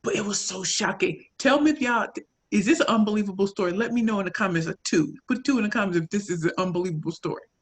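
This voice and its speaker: A woman from St. Louis with a St. Louis accent, telling a story and coaching in an animated, audience-directed way. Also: mid-range voice, quick pace, breathy edge. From St. Louis, Missouri. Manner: animated, addresses audience as y'all, acts out quoted lines. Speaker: pitch coach and speaker. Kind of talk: motivational talk, storytelling.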